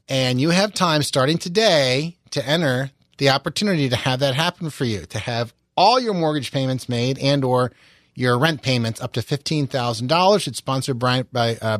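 Chatty radio host, dry close sound. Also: male voice, medium pitch, a bit bright, no echo. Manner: friendly, chatty, with frequent fillers. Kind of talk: talk radio hosting. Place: radio studio. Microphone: studio microphone.

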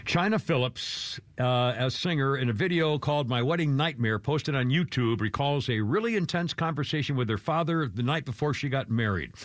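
A man's voice: mid-range voice, lively intonation, moderate pace, hardly any pauses, no room sound. A man hosting a radio show, talking casually in a rambling, chuckling way with many restarts.

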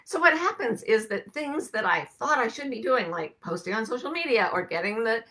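A woman's voice: on the high side, lively intonation, brisk, sharp tone. A woman hosting her weekly broadcast, talking to viewers in a rambling, conversational way with frequent asides. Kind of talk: casual monologue to viewers.

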